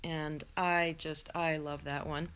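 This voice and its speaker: Middle-aged woman meditation teacher, lowish voice, animated chat easing into slow guidance; live stream. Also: clear, resonant tone. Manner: chatty and animated, laughing, then slow soothing guidance. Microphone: phone or computer mic.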